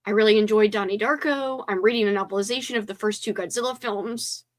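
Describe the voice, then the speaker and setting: A woman's voice: mid-range voice, steady tone, fast. A woman hosting a casual livestream, chatting and reading viewer comments aloud. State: teary, voice breaking. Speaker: livestream host.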